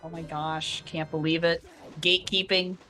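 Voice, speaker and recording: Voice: medium pitch, flat delivery, pushed and bright, soft background music. A guest co-commentator on a game stream who talks casually, often restarting sentences. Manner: halting, restarts often, laughs easily.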